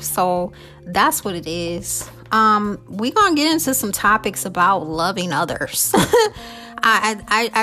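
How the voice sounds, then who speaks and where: A woman hosting a faith-based motivational talk, earnest and heartfelt, often checking in with the listener and adding quick self-aware asides. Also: mid-range voice, fairly bright tone. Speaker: podcast host.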